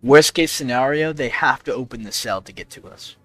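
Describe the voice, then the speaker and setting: A man's voice: medium pitch, fairly quick, fairly bright tone, no room sound, faint music behind. A man playing a tabletop game, speaking in character and rallying his companions. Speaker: player. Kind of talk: in-character play.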